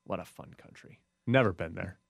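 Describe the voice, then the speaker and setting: A man hosting a casual sports talk show, animated and quick to laugh. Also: sits low, creaky, breathy edge.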